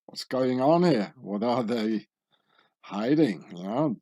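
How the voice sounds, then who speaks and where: Taking it slowly, a channel host walks through on-screen images in an expressive, mellow voice of medium pitch. He sounds sardonic and conspiratorial, frequently ending remarks with tag questions.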